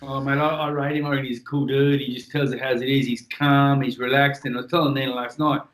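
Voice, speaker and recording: A man's voice: medium pitch, quick pace. Blunt Australian man in an echoey room. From Western Australia. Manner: blunt, swears freely, relaxed storyteller. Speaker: guest, former world boxing champion. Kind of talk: casual podcast chat.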